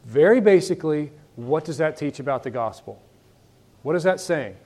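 Male Bible teacher, slightly higher voice, conversational, questions the class. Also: lively intonation, normal speed, a little mellow.

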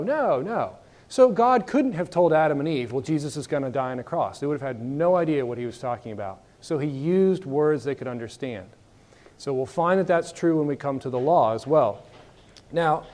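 Male Bible teacher, slightly higher voice, conversational, questions the class. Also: darkish tone.

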